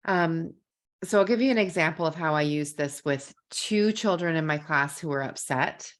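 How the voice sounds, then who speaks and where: A woman's voice: low voice, moderate pace. A woman who teaches kindergarten, earnestly telling a story in a live parenting masterclass and repeating words as she thinks.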